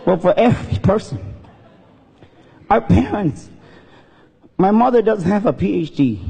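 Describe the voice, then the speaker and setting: A comedian giving an earnest, emotional storytelling speech on a stage. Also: male voice, sits high, animated, a little slow, vocal fry, mellow, a faint crowd. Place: stage in a hall. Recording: long reverb in a hall.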